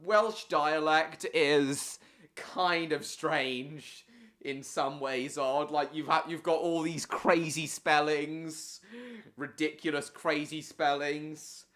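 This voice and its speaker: A man's voice: on the high side, fairly even intonation, slow, fairly bright tone, reverberant. A man hosting a live stream, chatting casually over a show, rambling with many fillers and restarts.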